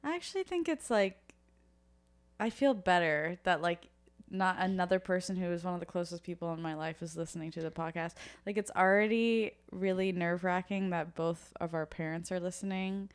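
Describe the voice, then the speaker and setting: A woman's voice: on the low side, normal speed, smooth, dry recording. Young woman co-host, casual and joking, swears freely. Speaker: podcast co-host. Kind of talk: casual chat.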